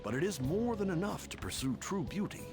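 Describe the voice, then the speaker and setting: A lofty older master artist, measured and sweeping. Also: male voice, high voice, very animated. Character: aging, serene, self-important male artist mentor. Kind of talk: video game voice acting. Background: game music.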